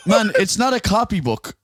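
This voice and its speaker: A man's voice: very high-pitched, fairly bright tone, a little hiss or hum. A man co-hosting a podcast, teasing his friend in casual banter and laughing often. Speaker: podcast co-host.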